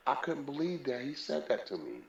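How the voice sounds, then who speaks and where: A man's voice: medium pitch, huge pitch swings, a little fast, gravelly. A man speaking as an interview guest about his life, telling it candidly and with emphasis, often repeating key phrases. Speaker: interview guest, boxing figure. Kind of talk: candid personal storytelling. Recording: roomy, dull lo-fi sound.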